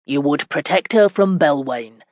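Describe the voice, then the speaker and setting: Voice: mid-range voice, expressive, a little slow, no echo, lo-fi sound. A narrator reading a loyal medieval knight. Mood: respectful.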